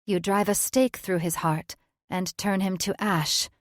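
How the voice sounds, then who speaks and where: A woman voicing a quiet, frail voice speaking inside a witch's mind, urging her on. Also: mid-range voice, fairly even intonation, a little slow, no echo, studio quality, close to an everyday voice.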